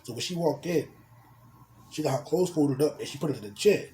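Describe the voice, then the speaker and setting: A man's voice: on the high side, animated, brisk, dark tone, a little hiss or hum. A man telling a crude personal story in casual slang, dropping in spoken sound effects. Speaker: storyteller vlogger.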